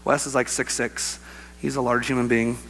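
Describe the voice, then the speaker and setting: A young adult man preaching a sermon, telling a personal story with lively acted-out voices and laughter. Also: medium pitch, moderate pace. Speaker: pastor.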